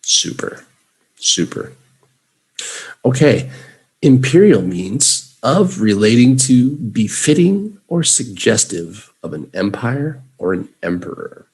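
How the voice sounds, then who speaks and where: A Chicago man with a Chicago accent teaches English vocabulary in a live lesson, having students repeat words after him. He takes it slowly, his medium-pitched, darkish, slightly rough voice swinging widely in pitch.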